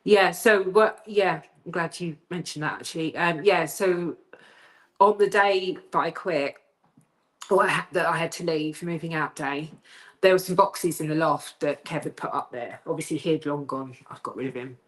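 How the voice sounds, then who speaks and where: A woman guest telling a haunting story on a video call, acting out the voices she quotes and going high and tense as the fright builds. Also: moderate pace. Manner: lively storyteller who acts out quoted voices, rising high when frightened. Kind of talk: animated storytelling interview.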